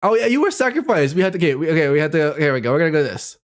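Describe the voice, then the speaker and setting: A woman's voice: deep voice, very animated, rapid-fire. A young woman reading an AI-written story aloud, reacting with giggly, shrieking exclamations. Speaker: streamer.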